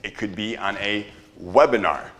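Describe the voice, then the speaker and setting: A man's voice: on the low side, normal speed, noisy background. A man teaching a live seminar audience, casual and profane, quizzing the crowd and having them repeat after him. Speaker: marketing seminar presenter.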